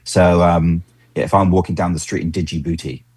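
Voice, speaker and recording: Husky deep-voiced man, dry sound. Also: moderate pace, dry recording. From Britain. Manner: enthusiastic, animated when acting out quotes. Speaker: engagement consultant, podcast guest. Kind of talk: casual conversational interview.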